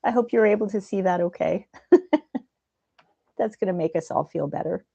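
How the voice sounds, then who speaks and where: A woman hosting a livestream, chatting gently and reading out viewers' comments. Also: medium pitch, normal speed, creaky, slightly rough, no echo. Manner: soft-spoken, gentle, chatty. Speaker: livestream host.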